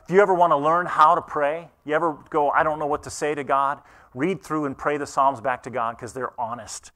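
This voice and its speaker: A pastor preaching a conversational sermon in church, earnest and asking the congregation questions. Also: male voice, a little high, fairly even intonation, a little fast, pushed and bright.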